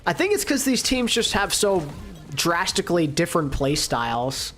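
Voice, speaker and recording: A woman co-streaming an esports match, reacting excitedly to big plays with casual internet slang. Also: lowish voice, normal speed, soft background music. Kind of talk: live esports co-stream commentary.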